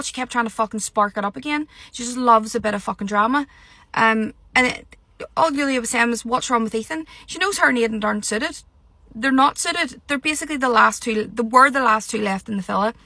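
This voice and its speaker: A woman's voice: fairly high pitch, fairly quick, sharp tone, dry recording. A young woman ranting about a reality show in a heated, sweary, exasperated vlog. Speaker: reality TV commentator.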